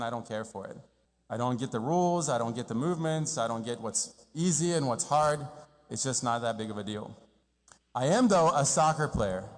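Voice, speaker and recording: Man preaching in an echoing church. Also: medium pitch. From Brazil. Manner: earnest, animated storytelling with acted-out quotes. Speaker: priest. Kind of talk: homily at a First Communion Mass. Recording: long church reverb.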